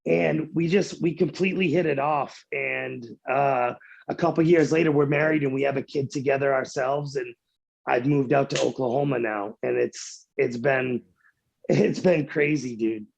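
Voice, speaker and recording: Gravelly-voiced man telling a story. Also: mid-range voice, moderate pace. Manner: animated storyteller, repeats words. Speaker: podcast guest. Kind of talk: casual storytelling interview.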